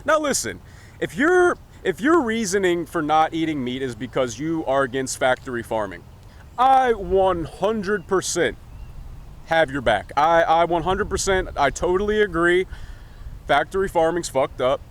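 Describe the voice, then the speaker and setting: A man's voice: a little high, big pitch swings, measured pace. Profane, rambling male vlogger. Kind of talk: casual opinion vlog.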